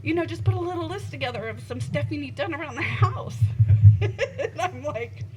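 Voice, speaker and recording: A woman giving an informal eulogy, halting with many ums and laughing between stories, at an outdoor gathering. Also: high-pitched, lively intonation, music in the background. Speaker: eulogy speaker. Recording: dull lo-fi sound with loud background noise.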